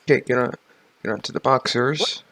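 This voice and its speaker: A man's voice: mid-range voice, a little fast, sharp tone, no echo. A man giving casual gameplay commentary, playful and joking, with sudden exclamations. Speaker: gaming YouTuber.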